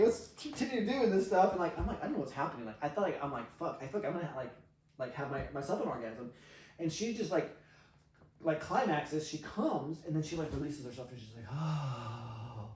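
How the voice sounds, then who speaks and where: A man, a podcast guest, telling an animated story, acting out quotes with frequent laughs and fillers. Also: on the high side, fast talker, slight background noise. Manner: excitable, acts out quotes, laughs often, filler-heavy. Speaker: podcast guest, sexual healer. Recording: roomy, distant from mic.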